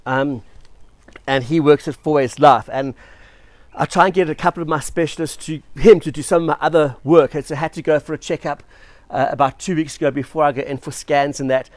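Male pastor from South Africa, conversational storyteller with a fairly high voice, dry close recording. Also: fairly even intonation, fairly quick, dry recording. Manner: chatty storytelling with self-deprecating asides. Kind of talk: sermon.

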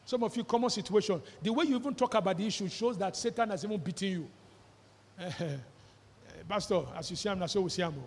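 A male pastor preaching a sermon with fervour, shouting out scripture and quizzing his listeners. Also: high-pitched, quick pace, long reverb tail. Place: church hall.

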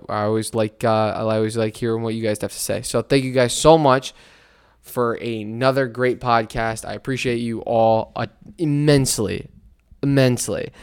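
A young man hosting a casual solo sports podcast, swinging between loud mock outrage and quiet mumbled asides. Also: mid-range voice, clear, resonant tone.

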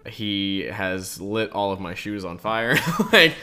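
A man's voice: fairly low pitch, lively intonation, slow, bright, forceful tone. A young man co-hosting a podcast, rambling and laughing through loose, profane stories in casual chat. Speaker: podcast co-host.

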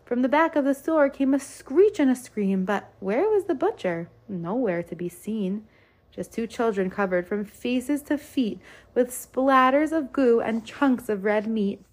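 A woman's voice: fairly high pitch, lively intonation, unhurried. A woman reading a rhyming children's picture book aloud in a lilting rhythm. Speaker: storyteller.

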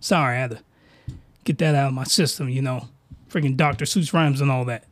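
A man hosting a podcast, delivering an excitable, slangy, rambling comedic rant full of mockery. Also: mid-range voice, brisk, dry recording. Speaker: podcast host reviewing anime.

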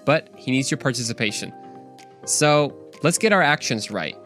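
A young adult man hosting his own podcast, giving a casual devotional talk in an animated, slangy, conversational way. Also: medium pitch, normal speed, faint music behind. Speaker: podcast host.

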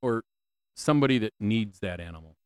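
A podcast host with a lowish, expressive voice talks briskly on a close mic, his tone clean with no echo. Alone on his show, he rants with heavy swearing, asks the same questions repeatedly, and stammers into restarts.

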